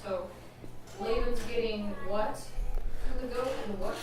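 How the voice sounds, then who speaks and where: Higher-voiced woman asking questions from afar. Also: unhurried, over music. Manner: inquisitive. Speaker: study group participant. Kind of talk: asking questions in a study group. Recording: roomy, distant from the mic.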